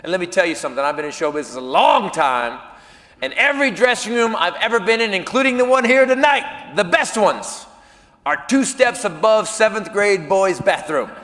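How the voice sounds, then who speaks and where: A man telling a self-mocking story as a stand-up comedian, animated and jumping into acted quotes. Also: sits high, a little fast. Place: comedy venue with live audience. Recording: live room with reverb and audience noise.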